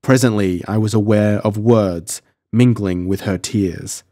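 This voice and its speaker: A man narrating a pulp adventure audiobook in the first person, measured and dramatic. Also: lowish voice, steady tone, mellow, dry recording, clean studio sound.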